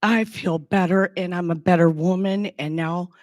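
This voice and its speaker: A woman in her sixties giving a heartfelt personal testimonial as a former clinic patient, talking in an earnest, halting way with frequent restarts. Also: on the low side, steady tone, a little mellow, no echo. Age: 60s.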